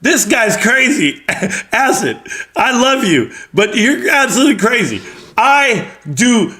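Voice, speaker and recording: A man's voice: very high voice, big pitch swings, a little slow, sharp tone. A middle-aged man hosting a live stream, chatting casually with brash, joking, profane banter as he answers his chat. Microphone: streaming microphone.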